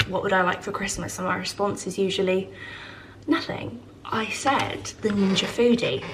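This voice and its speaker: A young woman vlogs casually to camera about her home and family, full of fillers and gushing asides. Her voice is mid-range, and there is noisy background at her home with farm animals nearby.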